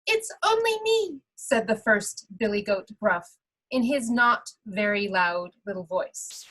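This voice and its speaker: Female storybook reader, slow expressive read-aloud for children. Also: mid-range voice, poor audio.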